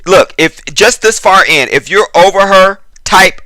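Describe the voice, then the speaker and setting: A man's voice: high-pitched, a little slow, background noise. A man giving ranting celebrity gossip commentary as a vlogger, blunt, profane and sarcastic, firing pointed questions straight at the viewer.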